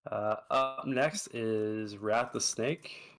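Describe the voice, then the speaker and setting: A man running a tabletop game as its dungeon master, chatty and quick, with lots of fillers. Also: on the low side, a bit bright, soft background music.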